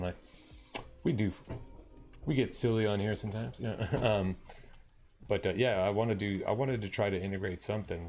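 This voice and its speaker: A man from Long Island, New York, chats casually to viewers as he wraps up a live coding stream, rambling with plenty of fillers. His voice is lowish with a darkish tone.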